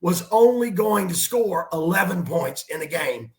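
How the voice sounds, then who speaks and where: A man's voice: high-pitched, unhurried, roomy sound. A man, a basketball coach, telling stories and giving emphatic sports analysis on a talk show. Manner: animated storyteller, emphatic.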